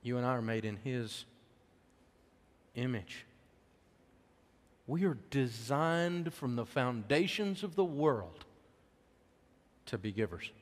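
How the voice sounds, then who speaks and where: A man's voice: mid-range voice, lively intonation, slow pace, long pauses. Folksy middle-aged man preaching in a hall. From United States. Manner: folksy, emotional, swings between loud preaching and soft hush. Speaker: speaker on faith and money. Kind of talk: sermon-style storytelling talk.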